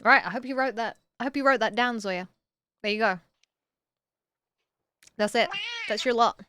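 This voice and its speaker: A woman streaming casually to her chat, talkative and quick to swear. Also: a little high, no room sound, clean studio sound. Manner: chatty, swears freely, lively.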